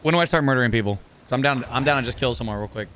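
A man streaming a video game, loud and excitable, swearing and trash-talking enemies as he plays. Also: mid-range voice, racing, a little hiss or hum. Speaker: gaming streamer. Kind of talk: let's play commentary. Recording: game music loud behind voice. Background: video game music and sound effects.

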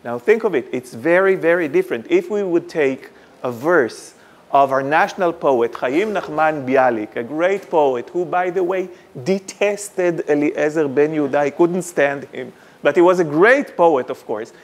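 Male lecturer, higher-pitched, dramatic storyteller with wry asides. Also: moderate pace. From Israel. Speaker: guest lecturer.

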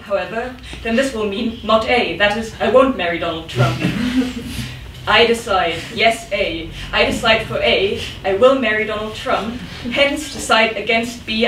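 A woman's voice: fairly high pitch, moderate pace, fairly bright tone, slight background noise. A woman poet giving a live reading in a rhythmic, dramatic manner with sudden outbursts. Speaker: poet reading her work. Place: event room. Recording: echoey room, mic at a distance.

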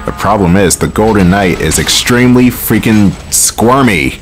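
A man's voice: lowish voice, soft background music. Wry swearing male gamer. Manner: wry, swears often, quick bursts of frustration. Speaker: gameplay commentator. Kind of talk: casual let's play commentary. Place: home room, recorded at home.

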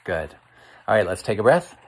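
A man reading a picture book aloud to children, asking them gentle questions as he goes. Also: on the low side, very animated, moderate pace, breathy edge. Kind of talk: interactive read-aloud.

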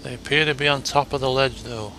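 A man with a gravelly voice giving excitable let's play commentary, dropping to mutters and then bursting into shouts, with game music behind. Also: mid-range voice, fairly quick, noisy background. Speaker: gamer. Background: game music and sound effects.

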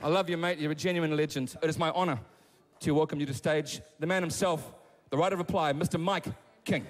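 A man, hosting a live comedy roast and telling a story in a brisk, playful way. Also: a little high, fairly even intonation. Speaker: roast master. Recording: echoing hall, live audience noise.

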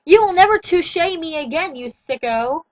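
A moody gothic teen girl whines and protests in a high, light voice, read by a woman. Her lines come close and dry. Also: animated, normal speed, fairly bright tone, no room sound, rough recording. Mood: angry.

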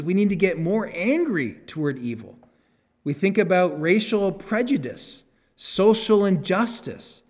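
A male pastor preaching a sermon, earnest, lifting his voice for emphasis and dropping it low on solemn words. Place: church sanctuary. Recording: long church reverb.

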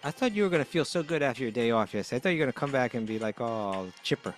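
A man co-hosting a casual devotional talk, playful and quick to laugh as he retells stories. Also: mid-range voice, expressive, soft background music. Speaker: podcast co-host.

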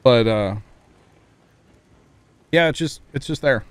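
A man's voice: medium pitch, takes it slowly, clean tone. A man streaming a game live, chatting casually and thanking viewers, easygoing and reflective. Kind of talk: casual livestream chat.

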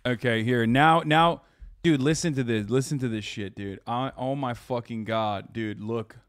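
A man hosting a reaction stream, chatting casually in an excitable, profane, rambling way. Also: medium pitch, normal speed, no echo, studio quality. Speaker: streamer host.

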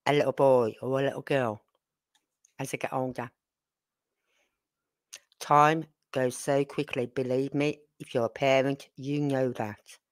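An older woman with a rumbling low voice hosts a casual livestream, rambling through family stories. She makes frequent asides and talks straight to her viewers with tag questions. There's no room sound.

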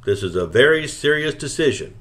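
A man voicing a formal official who explains a legal procedure in measured, serious terms. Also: mid-range voice, very animated, fairly bright tone, voice pushed up.

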